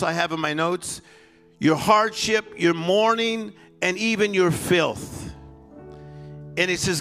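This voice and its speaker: A male preacher with a high, gravelly voice delivers a sermon, at times calling out loudly and at times dropping to a hushed storytelling tone. His delivery is unhurried, and soft piano music plays behind him. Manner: swings between loud exhortation and hushed storytelling.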